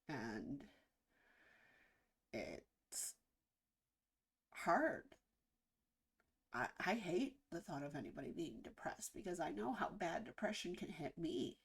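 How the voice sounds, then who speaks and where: A woman hosting a reaction video, talking earnestly and reflectively in a casual way, with halting pauses. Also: low voice, expressive, slightly rough. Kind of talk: casual spoken reaction commentary.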